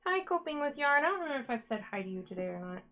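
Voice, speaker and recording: A woman's voice: high voice, big pitch swings, rapid-fire, lo-fi sound. Chatty upbeat woman live-streaming her crafts. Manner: chatty and upbeat, talks to viewers and her cat. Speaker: yarn dyer hosting a live stream. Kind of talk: casual live-stream chat.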